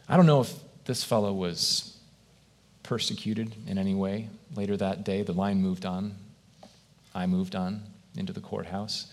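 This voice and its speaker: A man's voice: fairly low pitch, steady tone, measured pace. A man preaching a sermon as pastor, earnest and reflective, posing question after question to his congregation in a church.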